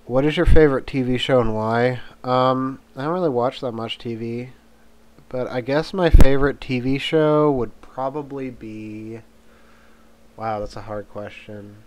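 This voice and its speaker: A man's voice: medium pitch, a little slow, darkish tone, a little hiss or hum. A young man from Pennsylvania's Mon Valley chatting casually in a tag video, rambling and swearing offhandedly. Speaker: vlogger.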